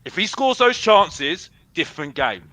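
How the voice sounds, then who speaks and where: A young man rants defiantly as a caller on a football fan show, circling back to the same points again and again. His voice sits high and bright. The sound is close and dry, with no room around it. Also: big pitch swings, unhurried, no room sound, low-quality recording. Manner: repetitive, defiant, says bruv a lot. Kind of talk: heated fan rant.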